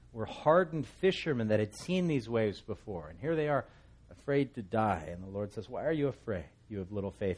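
A middle-aged pastor teaching a Bible passage in a relaxed, conversational way, with storytelling asides. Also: male voice, medium pitch, slightly rough.

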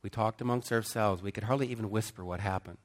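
A middle-aged man preaching, telling a story with emphatic swings between loud bursts and hushed, slow passages. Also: lowish voice. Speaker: pastor. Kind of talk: sermon storytelling.

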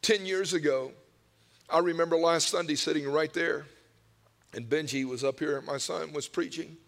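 A man preaching a sermon, telling personal stories with emotional swings from hushed whispers to loud cries. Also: a little high, moderate pace, gravelly. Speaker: pastor. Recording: long hall reverb.

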